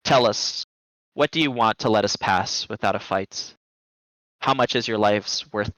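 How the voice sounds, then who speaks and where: A man playing a smooth-talking adventurer who calmly bluffs a group of bandits. His voice is bright and crisp and is recorded close in a dry room. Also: lowish voice, unhurried, dry recording, poor audio. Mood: persuasive.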